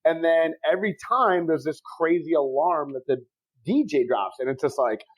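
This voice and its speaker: A man's voice: a little high, moderate pace, breathy edge, rough recording. A man in his forties co-hosting a podcast, telling stories in a joking, profane way. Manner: profane, joking, animated storyteller. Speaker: podcast co-host. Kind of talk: casual podcast storytelling.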